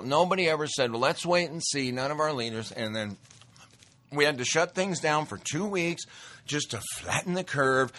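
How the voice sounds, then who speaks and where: A man's voice: medium pitch, sharp tone. Folksy, emphatic man. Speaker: commentator. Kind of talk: political commentary monologue.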